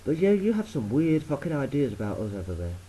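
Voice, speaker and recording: A man's voice: mid-range voice, very animated, fast talker, dark tone, breathy edge, poor audio. Sweary, blunt Englishman rambling. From England. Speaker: vlogger. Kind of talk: rambling casual monologue.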